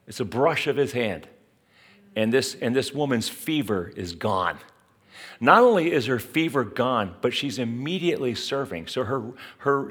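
A male pastor giving a sermon in an animated, conversational way, turning to his listeners with asides. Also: mid-range voice, breathy edge.

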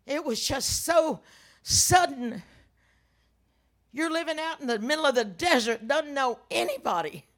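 Her high voice animated but unhurried, an older woman minister shares personal testimony from the pulpit. The storytelling is dramatic, punctuated by abrupt, loud exclamations.

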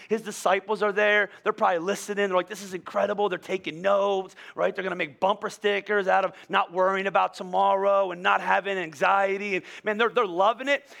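High bright-voiced man preaching. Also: gravelly. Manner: animated storytelling with many restarts. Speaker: pastor. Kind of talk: sermon.

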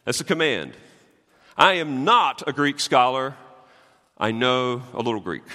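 A man preaching a sermon as a pastor, animated and swinging between loud and hushed, with jokey asides. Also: mid-range voice, a little slow, big-room sound.

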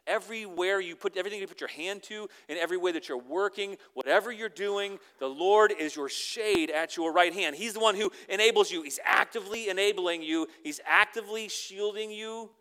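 A man preaching a conversational sermon, repeating words as he starts phrases and swinging from loud emphasis to near-whispered lines. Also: high-pitched, a little fast, few pauses, clean tone. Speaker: pastor.

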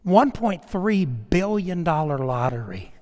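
A man's voice: high voice, sing-song, takes it slowly. Preaching man in a reverberant hall. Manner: preaching with swings from hushed asides to loud emphatic peaks. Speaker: pastor. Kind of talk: sermon.

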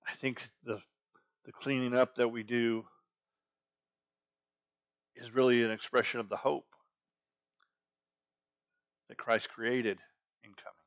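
Pastor preaching in a conversational way. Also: male voice, medium pitch, little pitch movement, slow, long pauses, a bit bright. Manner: conversational, asks rhetorical questions. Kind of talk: sermon.

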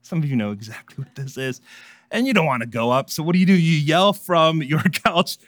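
A man's voice: a little high, expressive, a little fast, a bit bright, no room sound, studio quality. A man preaching a sermon in a conversational, humorous way, with frequent asides and chuckles. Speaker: pastor.

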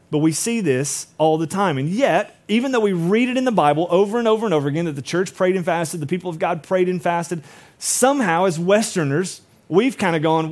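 A man's voice: fairly high pitch, darkish tone. A middle-aged man preaching a sermon as a pastor, conversational and acting out quoted voices.

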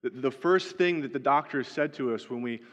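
A man's voice: medium pitch, normal speed, fairly bright tone. A male pastor preaching a sermon in a conversational way, often checking in with "right?". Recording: dull lo-fi sound with long hall reverb.

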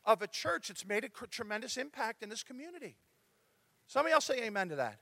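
A man preaching a sermon as pastor, talking to his congregation in a lively, conversational way. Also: extremely high pitch, a little fast, no echo.

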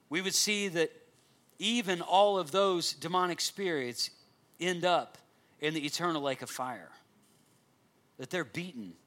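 A man preaching with a high, bright, forceful voice. He delivers an earnest sermon, reading scripture aloud and explaining it. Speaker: pastor.

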